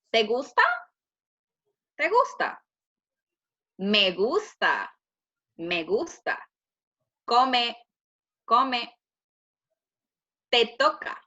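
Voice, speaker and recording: Slow, lively woman with Venezuelan accent. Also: mid-range voice. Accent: Venezuelan Spanish. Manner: slow, lively phrase repetition. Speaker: preschool teacher. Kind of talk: repeating phrases in a language lesson. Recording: dull lo-fi audio.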